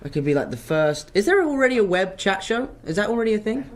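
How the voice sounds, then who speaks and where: Animated young man, lively pitch. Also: fast talker, background noise. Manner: animated, self-mocking storyteller. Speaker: actor answering fan questions. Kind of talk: casual live Q&A.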